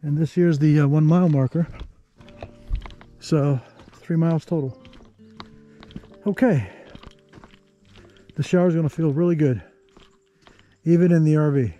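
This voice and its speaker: Mellow-voiced man narrating his hike. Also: fairly high pitch, dull audio, faint music behind. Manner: easygoing, chatty, thinks aloud with pauses. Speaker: travel vlogger. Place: outdoor canyon hiking trail.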